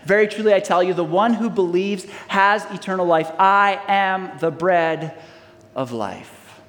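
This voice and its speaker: High-voiced man preaching in a hall. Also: measured pace, a bit bright. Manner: preaching with call-and-response to the congregation. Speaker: pastor. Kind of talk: sermon.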